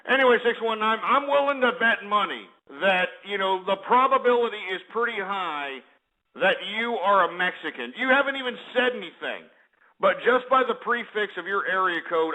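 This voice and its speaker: A man's voice: sits high, expressive, brisk, pushed and bright, low-quality recording. A man hosting a comedic call-in show, with brash, mocking, boastful shock-jock patter. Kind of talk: comedic call-in radio parody.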